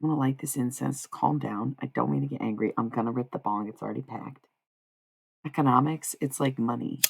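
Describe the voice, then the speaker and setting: A woman's voice: very deep voice, fairly quick, creaky, slight background noise. An American woman in her thirties chatting casually and wryly with her live stream chat, rambling and swearing. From United States.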